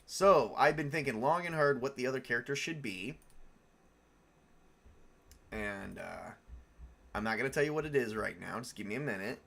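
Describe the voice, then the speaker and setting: A man's voice: medium pitch, animated, normal speed, creaky, long pauses, fairly bright tone. Rambling man thinking aloud. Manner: self-correcting, answers viewer questions. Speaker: streamer building game characters. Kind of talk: casual live-stream chat.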